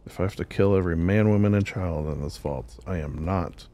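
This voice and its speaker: A man's voice: deep voice, dark tone. A man hosting a gaming channel, chatting casually and jokingly as he plays a role-play game. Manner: rambling, jokey, talks to himself.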